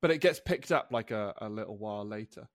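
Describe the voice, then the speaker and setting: A man's voice: lowish voice, animated, brisk, no echo, clean studio sound. A man, co-hosting a casual podcast chat, talking loosely and laughing often while he reads things out. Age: 30s. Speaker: podcast co-host.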